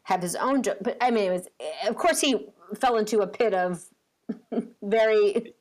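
A woman's voice: medium pitch, moderate pace, darkish tone. A woman in her thirties, a podcast co-host and parent, chatting casually and telling a story with lots of fillers. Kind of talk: casual chat.

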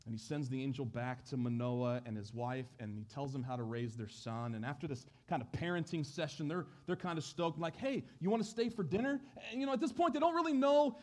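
A man preaching a sermon in a church, telling a story with animated delivery. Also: mid-range voice, a little fast, hardly any pauses. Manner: animated storytelling, acting out voices. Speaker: pastor.

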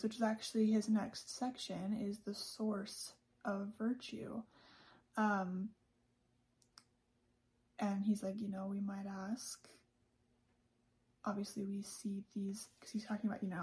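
A woman's voice: medium pitch, gravelly, mellow. A woman hosting a podcast, talking casually about a religious speech, chatty, with frequent laughs and fillers. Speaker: podcast host.

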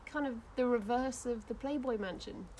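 A woman co-hosting a casual community radio chat, tossing in quick teasing remarks. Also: a little high, a little mellow, slight background noise. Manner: quick teasing interjections, laughs often. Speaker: co-host.

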